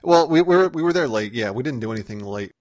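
A man's voice: medium pitch, animated, fast talker, no echo. Male co-host, easygoing rambling chat, dry and close. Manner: rambling, with frequent restarts and laughs. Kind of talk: casual chat recounting a convention trip.

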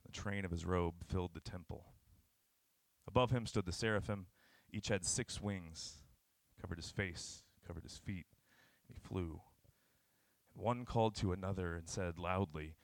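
A young man giving an informal, earnest sermon that retells scripture. He swings between sudden shouted bursts and low, quiet passages. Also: moderate pace, no echo.

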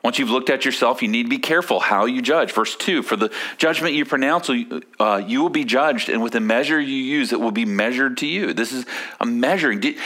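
A man preaching a sermon in a conversational way, often asking the listeners questions and dropping soft on key words. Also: mid-range voice. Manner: conversational, asks the listeners questions with frequent "right?". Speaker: pastor.

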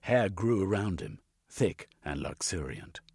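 A man narrating an audiobook with a husky voice. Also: sits low, sing-song, measured pace, a little mellow, dry recording, clean studio sound. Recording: faint music underneath.

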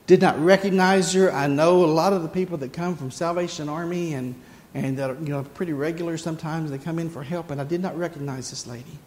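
High-voiced pastor preaching. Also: male voice, steady tone, quick pace, hardly any pauses, a little mellow, in a large hall. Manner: emphatic storytelling, repeats key phrases. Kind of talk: sermon.

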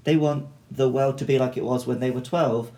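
A man's voice: medium pitch, fairly even intonation, fairly quick, warm tone. A British man co-hosting a podcast in casual chat, wry and opinionated. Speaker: podcast co-host.

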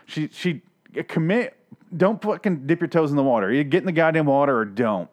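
A man's voice: on the high side, animated, fairly quick. A man recapping a TV episode in a casual, sarcastic, profane rant, often exasperated. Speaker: podcast host reviewing a TV episode.

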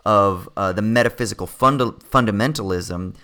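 Low-pitched man, casual philosophy talk, thinks aloud, many fillers. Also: normal speed, pushed and bright. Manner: thoughtful, searching for words, frequent fillers. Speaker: podcast co-host.

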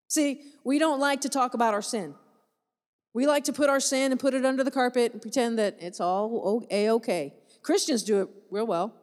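Woman, missionary, animated testimony with repeats for emphasis; slightly high voice, long hall reverb. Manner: animated storytelling, laughing, repeating phrases for emphasis. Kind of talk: personal testimony to a church audience.

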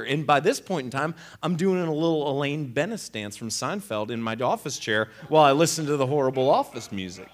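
A man telling a personal story in an animated, sarcastic, exasperated way. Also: fairly high pitch. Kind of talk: conversational storytelling.

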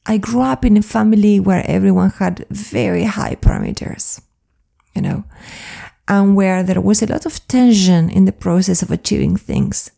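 A woman flow coach speaking in an earnest, confiding, soft-spoken personal monologue. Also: medium pitch, moderate pace, gravelly.

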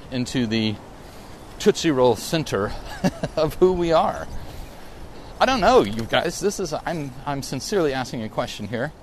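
Middle-aged male podcast host, mid-range voice, musing aloud outdoors with light traffic noise around him. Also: mid-range voice. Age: 40s. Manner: rambling, reflective and self-correcting. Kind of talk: casual solo podcast monologue. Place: outdoors on a bike ride through a park.

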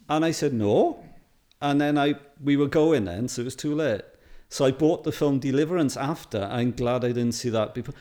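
A middle-aged Welsh man talks at an easy, storytelling pace. He fills his sentences with ums and little laughs and sounds relaxed and conversational. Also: medium pitch, moderate pace. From Wales. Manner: chatty, anecdotal, laughs often, many fillers. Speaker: photographer guest. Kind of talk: casual interview chat.

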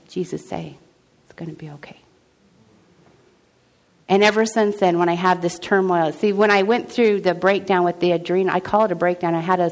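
A woman's voice: on the low side, a little mellow. A middle-aged woman gives an earnest personal testimony about her faith. She talks in a loose, conversational way and often restarts her sentences. She acts out the dialogue as she tells the story. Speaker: speaker sharing a personal testimony.

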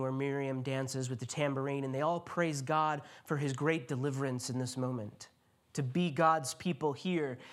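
A male pastor giving a sermon, retelling a scripture story and speaking the quotes in a quieter voice. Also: a little high. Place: church.

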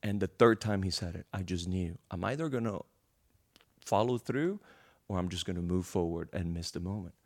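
Animated preacher man, lowish voice. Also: normal speed. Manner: animated, emotional storytelling with many restarts. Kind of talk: storytelling sermon.

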